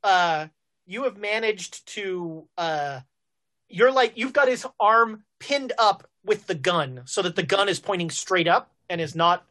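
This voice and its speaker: A woman's voice: medium pitch, lively intonation, measured pace, fairly bright tone. A woman narrating as game master of a tabletop game, loose and chatty, with frequent fillers and restarts. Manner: loose and chatty, many fillers and self-corrections.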